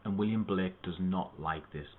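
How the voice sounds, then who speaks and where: A man explains a poem to students in a steady, methodical way, now and then stopping for an aside. His voice sits a little low. The sound is thin and tinny, as if it came down a phone line. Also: normal speed. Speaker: English literature tutor.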